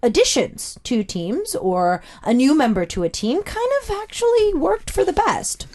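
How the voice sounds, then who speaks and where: A woman hosting a casual radio chat in a studio, chatty and quick to laugh. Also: sits high, huge pitch swings, darkish tone. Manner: chatty, laughs easily, does quick impressions. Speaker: radio show host.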